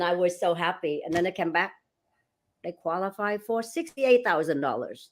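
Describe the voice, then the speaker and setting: A woman's voice: on the low side, brisk. A middle-aged woman, a real estate agent, animatedly telling a story in an interview and acting out the dialogue. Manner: animated, acts out dialogue, laughs while telling.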